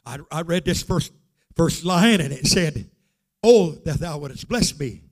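Fervent older preacher, high voice. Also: male voice, animated, measured pace. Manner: fervent, repeats "glory to God" and "hallelujah"; builds to shouting and singing out phrases. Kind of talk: sermon.

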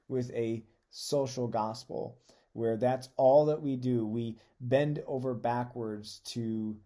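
A man's voice: medium pitch, fairly even intonation, slow, warm tone. A man preaching a conversational sermon on a podcast, earnest and reading scripture aloud with emphasis.

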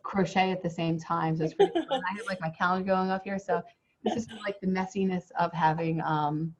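Hoarse woman hosting a chat show. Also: fairly low pitch. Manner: rambling, many fillers and restarts. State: hoarse from a cold. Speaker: podcast host. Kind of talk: casual interview chat. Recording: dull lo-fi sound.

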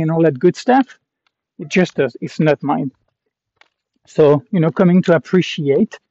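Man, from Canada, walking vlog, reflective rambling, many fillers and restarts, slightly high voice, dull lo-fi sound. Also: mellow, no echo. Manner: reflective and self-aware. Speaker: vlogger walking a long-distance pilgrimage trail. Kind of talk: casual rambling monologue while walking. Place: outdoors on a walking trail. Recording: dull lo-fi recording.

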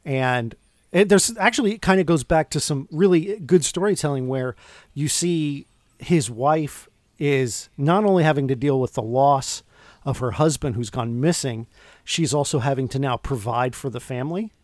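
A man co-hosting a podcast, recapping film scenes in an animated, casual way with lots of restarts. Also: mid-range voice, normal speed, no echo. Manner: animated, retells scenes with quoted lines and restarts. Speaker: podcast co-host. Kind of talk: casual movie review chat.

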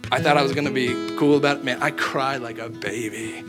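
A man's voice: mid-range voice, steady tone. Earnest male worship leader over guitar. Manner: earnest, building to urgent rapid questions. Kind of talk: spoken exhortation over worship music. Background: soft guitar playing.

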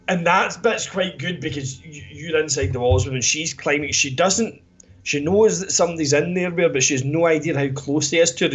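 A man's voice: on the high side, a bit bright, highs cut off. Sweary Scottish man recapping a plot. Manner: rambling, sweary, lots of "kinda" and "basically". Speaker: podcast co-host reviewing a film.

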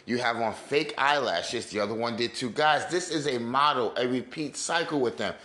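A man's voice: medium pitch, normal speed, bright, forceful tone, reverberant. A man giving a scornful, preachy rant as he reacts to clips for his viewers. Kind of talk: ranting video commentary.

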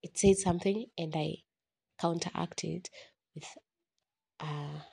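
A woman's voice: fairly low pitch, steady tone, measured pace, gravelly, mellow, breathy edge. A woman hosting a solo podcast, talking candidly and rambling like a journal entry, poking fun at herself. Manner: candid, rambling, self-mocking with laughs. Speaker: podcast host.

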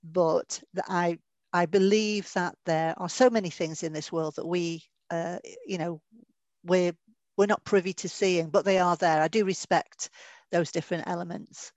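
A woman's voice: fairly low pitch, fairly even intonation, normal speed, a little mellow, no echo, highs cut off. Chatty woman, dry sound. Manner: chatty, anecdotal, laughing now and then. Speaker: guest medium. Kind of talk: podcast interview.

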